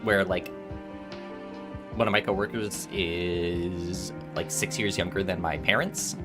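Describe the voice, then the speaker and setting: Low-voiced young male streamer, rambling. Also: fairly even intonation, takes it slowly, music in the background. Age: 20s. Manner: rambling storytelling with frequent restarts. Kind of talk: casual chat while gaming.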